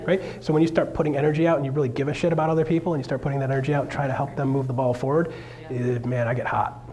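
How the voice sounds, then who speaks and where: A man, a realtor, giving an energetic, joking seminar talk on stage to a live audience. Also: mid-range voice, rapid-fire. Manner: energetic, joking, with sudden loud bursts.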